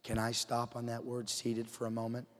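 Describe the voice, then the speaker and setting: A man preaching a sermon to his congregation in church, dropping to a hush and then rising to fired-up emphasis. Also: medium pitch, completely flat delivery, moderate pace. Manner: swings from hushed to fired-up emphasis. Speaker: pastor. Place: church sanctuary. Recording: long hall reverb.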